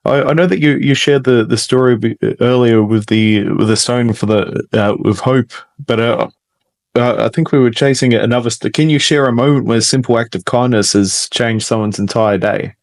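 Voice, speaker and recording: A man hosting a podcast interview who talks in a halting way, restarting his sentences often. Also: mid-range voice. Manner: halting, many restarts and fillers, warm agreement. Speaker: podcast host. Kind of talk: interviewer in casual chat.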